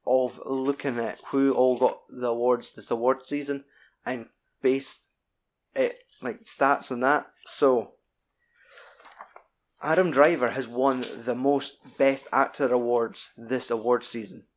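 Guy talking films, swears a lot, goes off on tangents, normal pitch. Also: fairly even intonation. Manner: sweary, rambling, quick bursts. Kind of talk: casual chat.

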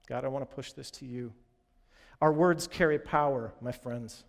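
With a mid-range voice, vocal fry, and a normal speaking speed, a pastor preaches directly and earnestly to his congregation, referring to them as "you guys." The audio has a big-room sound.

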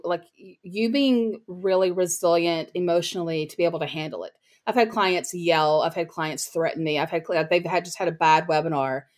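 A woman speaking as a podcast guest about her copywriting work, in casual interview talk full of "like" and "you know". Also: lowish voice. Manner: chatty, heavy use of "like" and "you know" fillers.

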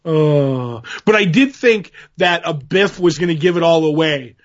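A man co-hosting a podcast in casual chat, laughing often and animated. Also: on the high side, measured pace. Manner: laughing, animated, does little bits. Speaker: podcast co-host. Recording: dull lo-fi sound.

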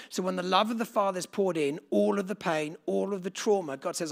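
At a church gathering, a pastor preaches conversationally to a live congregation, putting questions to the room. His voice is high-pitched and gravelly, and he speaks a little fast.

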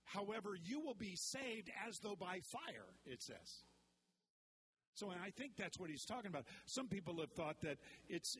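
A man's voice: high voice, noisy background. A male pastor giving a sermon in a conversational way, mixing teaching with joking stories from his own life.

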